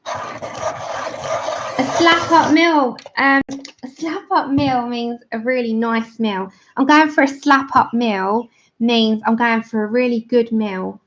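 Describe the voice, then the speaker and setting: Colouring on a livestream, this Englishwoman talks her viewers through every step in a relaxed way. She sounds a little high and fairly bright and speaks a little slowly, over dull, lo-fi audio.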